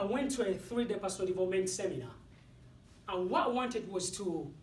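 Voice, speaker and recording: A man with an African accent delivers a motivational speech to an audience, taking his time over each phrase. His pitch leaps and swoops dramatically, with punchy pauses between lines. He sounds echoey and distant, as if picked up from far back in a hall. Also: slight background noise. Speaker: motivational speaker. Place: speaking hall with live audience.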